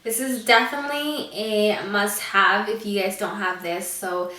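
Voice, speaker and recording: A woman's voice: medium pitch, fairly even intonation, a little slow, pushed and bright. A woman beauty vlogger talking casually to camera, chatty with lots of fillers and a little out of breath. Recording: echoey room, voice from a distance.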